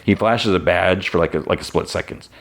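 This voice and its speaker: A man's voice: deep voice, a little fast, creaky. A man hosting a podcast, casually retelling a show's episode in a rambling way, full of "like" and self-corrections. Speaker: podcast host.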